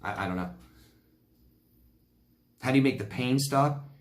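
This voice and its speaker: A blunt, animated male coach answers viewer questions, acting out the people in his stories. His voice sits at a middle pitch and rings in a roomy, echoey space. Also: unhurried. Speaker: relationship coach. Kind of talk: Q&A advice talk.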